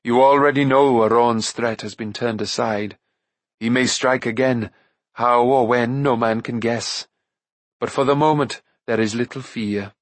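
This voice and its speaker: A man voicing a calm, noble warrior prince who speaks in a measured, dignified way in an audiobook. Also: medium pitch, no room sound, close to an everyday voice.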